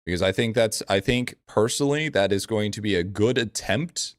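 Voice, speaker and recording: A man's voice: lowish voice, moderate pace, dry recording. Blunt, profane male game streamer. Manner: blunt, profane, repeats phrases. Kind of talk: casual live-stream chat answering viewers.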